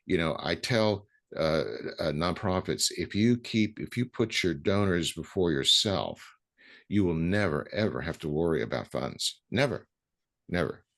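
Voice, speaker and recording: A man hosting an interview, talking in a halting way with many ums and restarts, then landing his points with emphasis. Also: low voice, animated, creaky, fairly bright tone. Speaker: podcast host. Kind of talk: conversational interview.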